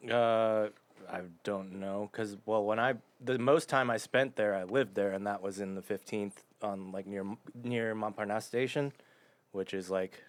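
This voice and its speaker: A man's voice: on the low side, steady tone, measured pace. A man co-hosting a podcast, chatting casually and rambling hesitantly with many fillers. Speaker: podcast co-host. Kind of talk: casual chat.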